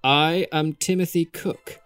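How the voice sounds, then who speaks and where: A man's voice: a little high, fairly even intonation, slow pace, a bit bright, clear, resonant tone, pitched above the performer's own voice. A self-important tech CEO in middle age who lords it over his visitors and orders them about, played by a man reading a comedy story aloud. He speaks in a grand, pompous manner, with faint music behind him. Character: smug, bossy middle-aged male tech CEO.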